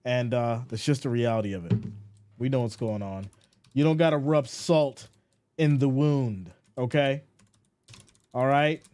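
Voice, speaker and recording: A man hosting a casual sports live stream, reading viewer comments aloud and answering them in an animated, mock-exasperated way. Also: mid-range voice, measured pace, long pauses.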